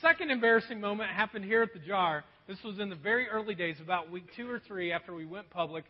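A man pastor telling a story in a sermon, animated and poking fun at himself. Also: high voice, quick pace, slightly rough. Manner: animated, self-mocking storytelling. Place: church auditorium. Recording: dull echoey hall recording.

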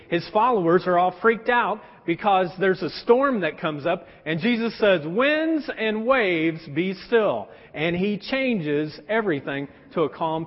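Man, pastor, animated sermon, very high voice, echoey hall, dull sound. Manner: animated storytelling, casual slang.

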